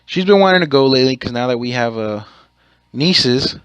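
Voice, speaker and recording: A man's voice: mid-range voice, expressive, normal speed, fairly bright tone, smooth, no room sound, lo-fi sound. A man hosting his own podcast, telling a rambling, profane story in a casual way and correcting himself as he goes. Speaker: podcast host.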